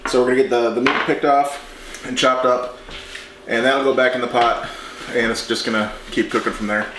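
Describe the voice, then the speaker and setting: A man hosting a home cooking show, talking through a recipe in a relaxed, chatty way as he works in his kitchen. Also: mid-range voice, moderate pace, background noise. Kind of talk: casual cooking demonstration. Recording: echoey kitchen with clattering dishes.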